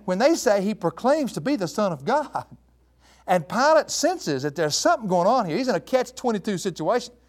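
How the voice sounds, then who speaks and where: A man preaching a sermon, walking through a passage, asking his listeners questions and calling them folks. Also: high-pitched. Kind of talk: expository sermon.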